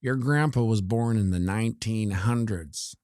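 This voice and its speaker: A man's voice: fairly low pitch, unhurried, a little mellow, dry recording, studio quality. A man giving casual, joking commentary on crypto charts while looking things up on his computer. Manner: joking asides, talks while scrolling.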